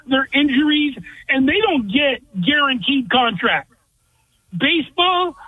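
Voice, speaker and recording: A man's voice: extremely high pitch, no room sound. A man calling in to a sports radio show, blunt and opinionated. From California. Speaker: caller. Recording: tinny phone line.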